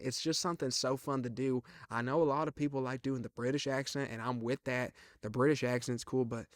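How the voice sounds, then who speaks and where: A man's voice: medium pitch, clean tone, dry recording, studio quality. A young man in his twenties hosting a comedic podcast solo, rambling and joking in a self-mocking way with lots of asides. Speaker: podcast host.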